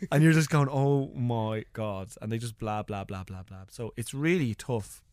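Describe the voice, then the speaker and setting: An Irish man, a comedian being interviewed, telling stories in lively casual chat and acting out voices as he goes. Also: medium pitch, unhurried, clean tone, no room sound, clean studio sound. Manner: animated storytelling, acts out voices, laughs often. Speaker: comedian guest.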